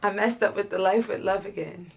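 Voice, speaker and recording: A woman's voice: medium pitch, steady tone, fairly quick. A woman coaching her son in a recording studio. She gives emphatic, directive instructions and chats casually for a reality vlog.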